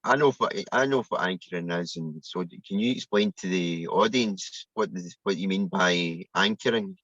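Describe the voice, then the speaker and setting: A male podcast host with a very deep voice that comes through a dull, lo-fi recording. He keeps the chat going with short replies that back up his guest. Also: normal speed, fairly bright tone. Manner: brief affirming interjections.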